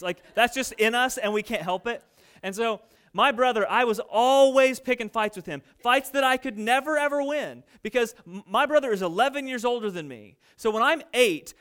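Male pastor, high voice, smooth tone, animated conversational preaching. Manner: storytelling, animated and conversational with the congregation. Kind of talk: sermon. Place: church sanctuary.

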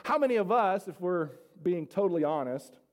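Man, pastor, earnest sermon, high voice, repeats phrases, speaks to congregation, long hall reverb. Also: animated, moderate pace. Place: church sanctuary.

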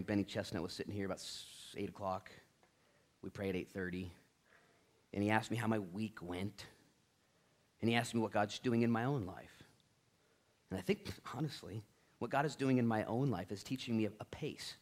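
A middle-aged man preaches a sermon in a conversational way, breaking into acted-out exchanges. His pitch swings widely as he talks, rising high and dropping low. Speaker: pastor.

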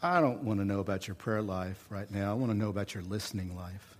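A middle-aged man from Oklahoma, his accent clear, preaches fast in a lowish voice. The sermon is folksy and animated, leaning on humor and repetition.

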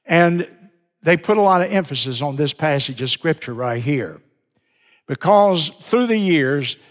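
A man preaching a sermon as pastor, slow and deliberate, leaning on repeated words for emphasis. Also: on the high side. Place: church sanctuary. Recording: long reverb of a church sanctuary.

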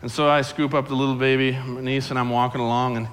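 A middle-aged man preaching a sermon in a playful, animated way, telling stories and acting out voices. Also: mid-range voice, quick pace. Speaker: pastor.

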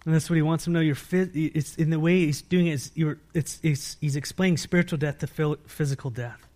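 An American man preaching a sermon from the pulpit, his voice sitting a little higher than most men's. He keeps asking the congregation questions and answering them himself. His delivery swings from loud, emphatic peaks down to quiet, low-voiced stretches. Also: fairly even intonation, fairly quick. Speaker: pastor.

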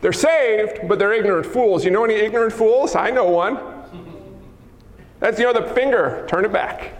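High-voiced man preaching in a church hall. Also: moderate pace. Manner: lively, teasing, acts out scenes. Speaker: pastor. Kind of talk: sermon. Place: church sanctuary. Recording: echoey hall with long reverb.

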